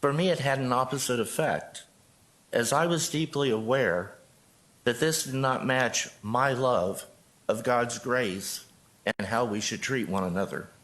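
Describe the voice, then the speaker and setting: An older man from Joplin speaks at a council podium microphone, reading a prepared statement in an earnest, measured way. His voice is mid-pitched and steady. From Joplin, Missouri. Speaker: pastor speaking at public comment. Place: city council chamber.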